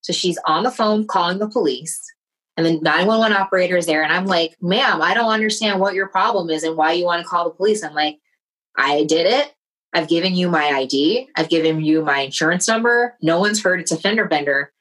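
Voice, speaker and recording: A woman with a fairly low voice tells a personal story in a relaxed, chatty way. She is lively and expressive and slips into the voices of the people she quotes. She sounds middle-aged. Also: fairly quick, rough recording. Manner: animated, acts out quoted voices. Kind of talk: casual storytelling chat.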